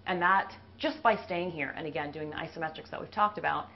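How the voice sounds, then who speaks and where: Doing push-ups as she explains them, a woman fitness instructor speaks briskly in a deep voice, growing breathless from the effort. The recording is muffled, lo-fi video sound with a slight hiss.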